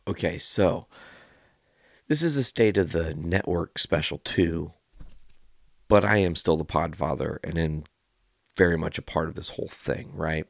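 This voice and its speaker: A man hosting his podcast, telling a personal story in a casual, rambling, animated way and swearing freely. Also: sits low, unhurried, gravelly, pauses often, dry recording, studio quality. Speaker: podcast host.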